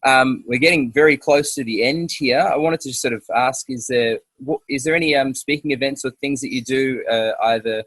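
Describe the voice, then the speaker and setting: A man's voice: medium pitch, normal speed, few pauses, fairly bright tone, breathy edge, dry recording. A man hosting a casual interview outdoors, talking hesitantly with many fillers and restarts. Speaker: podcast host.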